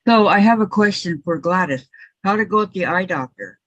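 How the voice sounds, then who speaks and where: A woman's voice: fairly low pitch, lively intonation, a little fast, fairly bright tone. A woman hosting a quilting group's video call, chatty and reassuring, laughing often. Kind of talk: casual video call chat. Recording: dull lo-fi video call audio.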